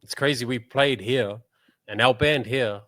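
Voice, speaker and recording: A musician guest with a New Zealand accent chats casually in a mid-range voice at a measured pace, sounding pushed and bright with no echo. He's laid-back, laughs often, and says "bro" a lot.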